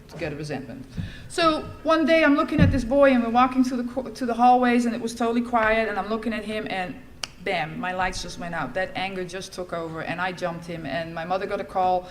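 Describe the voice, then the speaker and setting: A woman's voice: mid-range voice, a little hiss or hum. A middle-aged woman from the Netherlands, giving a candid, wry personal testimony as a speaker at a recovery meeting.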